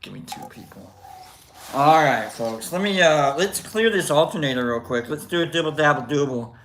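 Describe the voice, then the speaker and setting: A man's voice: fairly high pitch, lively intonation, normal speed, fairly bright tone, poor audio. A man hosting a live show, chatting casually and joking with his chat, rambling with frequent laughs. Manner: jokey, rambling, laughs a lot.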